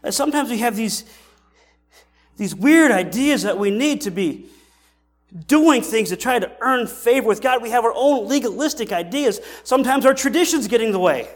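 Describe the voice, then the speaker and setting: A man's voice: extremely high pitch, expressive, moderate pace. A male pastor preaching a sermon in a conversational way, asking rhetorical questions and often restarting his sentences.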